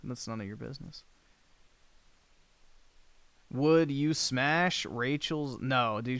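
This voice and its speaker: A man's voice: mid-range voice, slow pace, pauses often, fairly bright tone, clear, resonant tone, no room sound. A man hosting a livestream, chatting casually and reacting to comments in a blunt, crude, offhand way. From United States. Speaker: livestream host.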